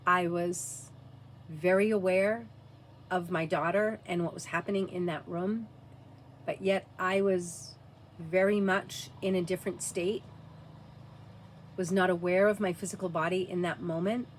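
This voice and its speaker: A woman telling a personal story to camera, earnest and halting, dropping to a hushed near-whisper at times. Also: fairly low pitch, steady tone, slight background noise. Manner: earnest, frequent "like" fillers.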